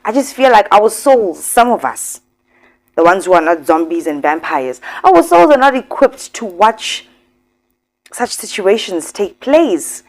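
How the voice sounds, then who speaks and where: A woman's voice: medium pitch, very animated, unhurried. A woman hosting a commentary vlog, talking emphatically and straight to her viewers. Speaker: commentary host.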